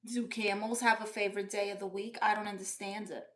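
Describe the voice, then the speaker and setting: Her voice is mid-range with little pitch movement, natural, and a little fast. The woman hosts a chatty comedy livestream from her bedroom in the role of a sassy, doting middle-aged aunt, saying hello to viewers and reading chat aloud in big swoops.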